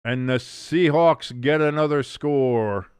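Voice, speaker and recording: A man hosting a live watch-along stream, calling the plays casually and jumping sharply in pitch and volume on big moments. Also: slow pace, a little mellow, clear, resonant tone, no echo, studio quality. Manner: mumbles and scats to himself while thinking. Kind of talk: casual live play-by-play commentary.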